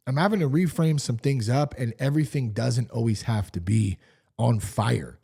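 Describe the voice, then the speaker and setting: Animated, candid man hosting a podcast. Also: on the high side, normal speed, creaky. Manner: animated, candid, swears freely. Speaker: podcast host. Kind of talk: casual solo podcast talk.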